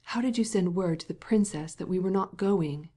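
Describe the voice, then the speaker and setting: A woman voicing a hoarse, sickly painter. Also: high voice, normal speed, warm tone. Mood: irritated. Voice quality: hoarse whisper. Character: sickly irritable poor male painter.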